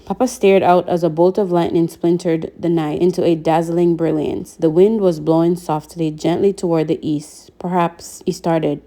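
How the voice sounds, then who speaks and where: A woman reads a novel aloud in a calm, measured voice. Her tone is low-pitched and mellow. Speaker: reader.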